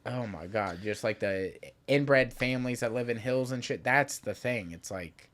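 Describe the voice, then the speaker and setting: Young guy guesting on a podcast, mid-pitched, laid back, swears casually. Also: moderate pace. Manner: relaxed storytelling, swears casually. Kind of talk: casual chat.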